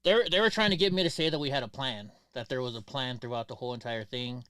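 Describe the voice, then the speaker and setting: A man's voice: medium pitch, fast talker, a bit bright, clear, resonant tone, no room sound, studio quality. A male guest in casual chat, easygoing as he recounts events.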